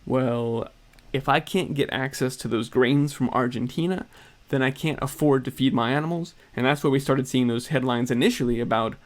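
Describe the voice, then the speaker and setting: Male narrator, mid-pitched voice, brisk and pointed commentary delivery. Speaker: video narrator.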